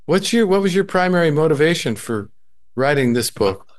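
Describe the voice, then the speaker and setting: A man's voice: fairly high pitch, big pitch swings, moderate pace. Man asking interview questions.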